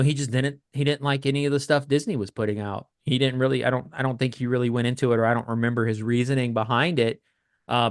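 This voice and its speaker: A man co-hosting a collecting podcast, chatting casually in a rambling, halting way with many restarts. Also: mid-range voice, no room sound, clean studio sound. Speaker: podcast co-host. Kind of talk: casual chat.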